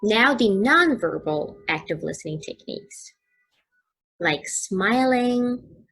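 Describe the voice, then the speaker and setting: A woman teaching an English lesson, explaining slowly and carefully with examples. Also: medium pitch, animated, gravelly, fairly bright tone, slightly rough.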